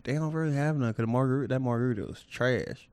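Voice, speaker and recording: A man's voice: mid-range voice, fast, darkish tone, smooth, no room sound. A man co-hosting a casual podcast, blunt and laid-back, trailing off into fillers. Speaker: podcast co-host. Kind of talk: casual chat.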